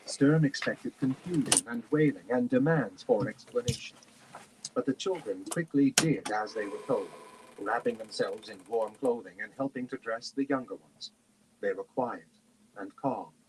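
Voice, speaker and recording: A man reading a fantasy novel aloud on a stream, in a steady, lightly expressive narration. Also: lowish voice, noisy background. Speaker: reader on a book stream.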